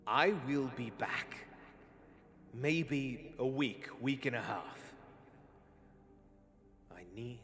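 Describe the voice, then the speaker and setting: A man voicing a cruel male villain who shouts threats at his underlings. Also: mid-range voice, drawn-out words, pauses often, big-room sound, voice pushed up. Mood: menacing. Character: furious cruel male villain leader, menacing.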